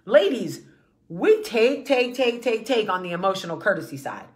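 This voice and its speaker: A woman's voice: mid-range voice, sing-song, normal speed. A woman hosting her vlog, giving an impassioned, blunt monologue with swearing and repeated rallying phrases. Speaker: vlog host.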